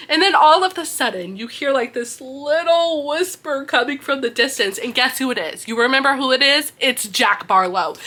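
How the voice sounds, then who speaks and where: A young woman hosting a book podcast, excitedly recapping a fantasy novel in a casual, animated storytelling manner. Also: on the high side.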